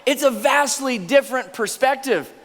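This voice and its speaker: A man preaching a sermon as pastor in a church auditorium, conversational and animated, getting the congregation to repeat words after him. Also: very high-pitched, normal speed, long reverb tail, slight background noise. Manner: conversational, animated, leads congregation in call-and-response.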